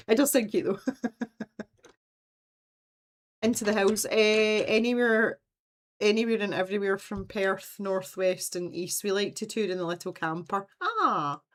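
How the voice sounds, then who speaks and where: A Scottish woman in her thirties hosts a casual livestream chat. She talks in an animated, chatty way and laughs often, at a middling pitch. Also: measured pace, long pauses. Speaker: livestream host.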